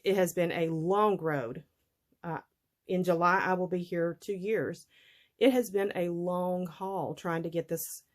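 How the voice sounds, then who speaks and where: A middle-aged woman, chatting casually to her viewers in a folksy way, laughing often. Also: on the low side. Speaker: vlogger.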